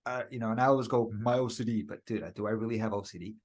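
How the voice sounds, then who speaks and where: A man co-hosting a podcast in casual chat, excitable, saying "dude" often and acting out quotes. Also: fairly low pitch, fast talker. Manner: excitable, says "dude" a lot, acts out quotes. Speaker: podcast co-host.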